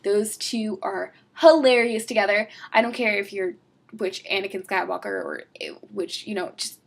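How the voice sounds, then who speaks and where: Rambling young New York woman with vocal fry. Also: mid-range voice, fairly even intonation, normal speed. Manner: rambling, giggly, many fillers and asides. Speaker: Star Wars role-play blogger. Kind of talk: casual chat answering fan questions.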